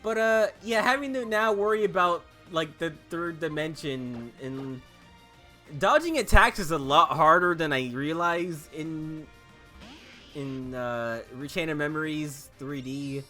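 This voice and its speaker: Casual, animated host, swears and laughs a lot over gameplay. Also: male voice, on the high side, a little slow, soft background music. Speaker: gaming video host.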